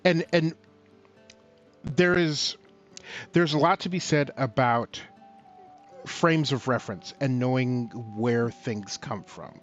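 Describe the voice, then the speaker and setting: Slow, halting man on a talk stream. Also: medium pitch, muffled recording, soft background music. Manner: slow, halting, with many fillers and restarts. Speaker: talk show co-host. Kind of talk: casual discussion on a livestream talk show.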